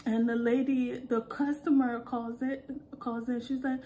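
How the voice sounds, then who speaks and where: A young woman telling work stories in an animated, casual way, laughing as she goes. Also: a little high, measured pace, a little hiss or hum. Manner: animated, acts out quotes, laughs often. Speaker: call center worker. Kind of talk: casual storytelling vlog.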